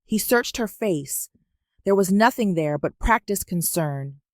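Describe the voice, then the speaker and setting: A woman narrating a romance story in a measured, even reading. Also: mid-range voice, no echo, clean studio sound.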